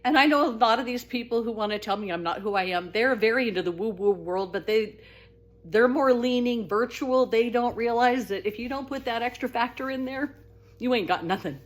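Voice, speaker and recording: Animated, high-voiced woman telling her story. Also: a little fast. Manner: animated and expressive, voice rising high when excited; earnest, talkative, with frequent restarts. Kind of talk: casual spiritual storytelling monologue.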